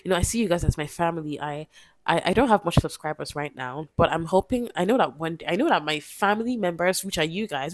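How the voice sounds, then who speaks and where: A woman's voice: sits low, no echo. A woman, giving a casual motivational talk to camera, repeating herself with pleading, emphatic encouragement. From Nigeria. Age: 20s. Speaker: vlogger.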